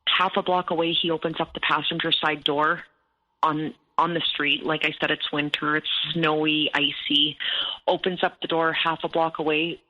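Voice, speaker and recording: A woman's voice: low-pitched, level tone, moderate pace, bright, forceful tone, low-quality recording. A woman recounting a painful personal story in an interview, tense and detailed, often quoting what was said. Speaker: abuse survivor guest.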